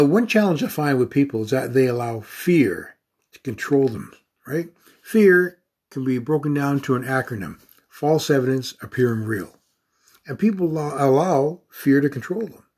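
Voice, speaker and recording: A man speaks in an earnest, repetitive motivational style, stacking affirmations and stressing key words. His voice is husky and slightly raspy, and his pitch sits in a middle range. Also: darkish tone. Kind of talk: motivational talk.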